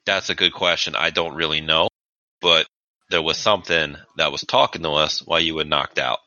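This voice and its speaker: A man's voice: extremely low pitch, normal speed, sharp tone, no echo, highs cut off. A man playing a tabletop game, talking casually and swearing freely. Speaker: player.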